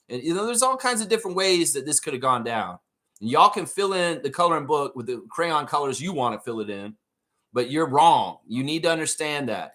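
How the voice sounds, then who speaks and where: Man, sports fan host, ranting, profane, forceful, fairly high voice. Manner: blunt, profane, heated.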